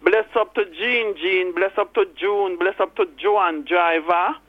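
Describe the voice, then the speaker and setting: A hoarse woman with a Jamaican accent calling in to a radio show, pleading earnestly and encouraging someone. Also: lowish voice, measured pace, dry recording. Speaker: caller. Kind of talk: radio call-in. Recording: tinny phone line, dry.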